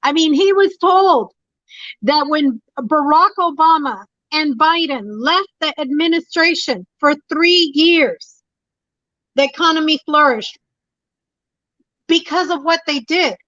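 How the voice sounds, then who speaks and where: Woman caller, high voice, emphatic and preachy, repeats lines, dull dry phone sound. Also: slow pace, sharp tone, no echo. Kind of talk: impassioned call-in talk.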